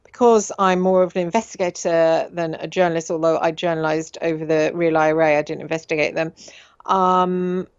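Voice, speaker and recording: A middle-aged woman talks in a low voice, rambling and confiding, piling up fillers and repeated words. The recording is dry and dull, like a lo-fi radio broadcast. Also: fairly even intonation, normal speed, clean tone, no echo. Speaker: radio show host. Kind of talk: casual monologue.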